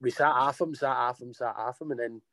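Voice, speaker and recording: A man's voice: medium pitch, fairly even intonation, a little fast, fairly bright tone, no echo. A Scottish man joining a football podcast as a fan, complaining bluntly and swearing. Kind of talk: casual football chat.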